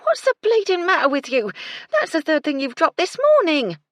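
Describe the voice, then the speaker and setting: A woman voicing a loud, bossy working-class cook who scolds and swears. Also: very high-pitched, huge pitch swings, normal speed, no echo, studio quality, pitched above the performer's own voice, full character voice. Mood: shouting. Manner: yelling, coarse, bossy.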